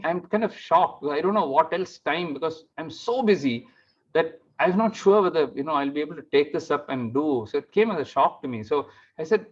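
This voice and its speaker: A man giving a devotional testimony talk, telling his story in an animated way and acting out the dialogue. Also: medium pitch. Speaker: speaker at a devotional gathering. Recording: muffled lo-fi sound.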